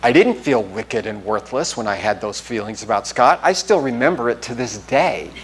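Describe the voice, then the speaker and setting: A man's voice: medium pitch, normal speed, slightly rough. A man preaching a sermon as pastor, telling a personal story and acting out the dialogue. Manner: animated storytelling, acts out the dialogue. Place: church sanctuary.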